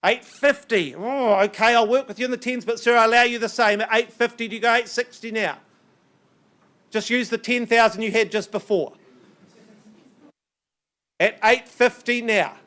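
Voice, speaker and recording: High-voiced man calling an auction. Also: fairly even intonation, fairly bright tone. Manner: brisk, coaxing bid-calling with banter. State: strained, losing his voice. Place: auction room.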